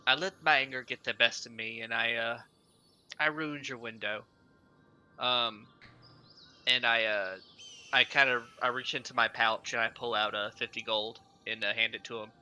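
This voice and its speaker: A man speaking in character at a tabletop game, with a bright, forceful tone. He halts and restarts often, filling gaps with "uh," over a monotone delivery. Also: medium pitch, clean tone, poor audio. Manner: hesitant, halting, many fillers. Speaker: player. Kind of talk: in-character tabletop role-play.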